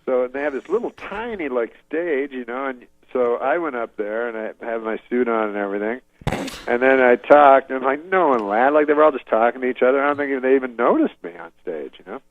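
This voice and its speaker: Guy rambling through a story, deadpan, trails off a lot, dull dry radio sound. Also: medium pitch, no echo. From Canada. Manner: halting, deadpan, chuckles at his own story. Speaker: comedian guest.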